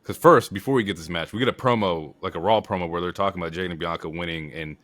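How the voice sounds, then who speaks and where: A man's voice: low voice, fast talker, no room sound. A man co-hosting a casual wrestling podcast, giving blunt, profanity-laced opinions with lots of "like" and "um". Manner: profane, animated opinions with frequent fillers. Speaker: podcast co-host. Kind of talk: casual wrestling recap chat.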